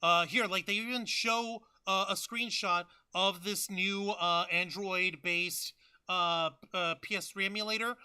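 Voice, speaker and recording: A man hosting a podcast in casual chat, excitable and profane, with lots of fillers. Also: sits high, unhurried, smooth. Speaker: podcast host.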